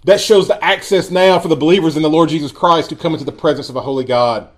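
Preacher reading scripture with slow emphasis. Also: male voice, on the high side. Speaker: pastor. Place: church.

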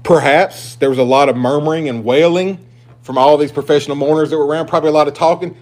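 A man's voice: a little high, quick pace. Emphatic preacher man. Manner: emphatic preaching, swinging between loud and hushed. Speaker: pastor. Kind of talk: sermon.

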